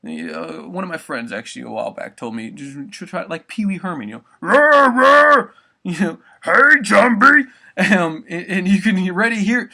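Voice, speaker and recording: A man's voice: a little high, a little fast, gravelly, hardly any pauses, a bit bright. A young man giving a casual spoken vocal tutorial, rambling loosely and swearing often.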